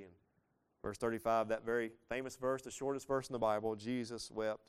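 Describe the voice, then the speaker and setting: A pastor in his thirties works through a passage verse by verse in a conversational style, his smooth, resonant voice at an ordinary middle pitch. He speaks fairly quickly with a flat delivery, casual but earnest, breaking into sudden bursts of emphasis.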